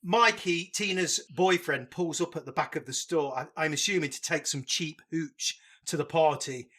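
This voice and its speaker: A man's voice: fairly high pitch, moderate pace, pushed and bright. Man recapping plot, dry and sweary. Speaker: podcast co-host. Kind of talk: casual chat.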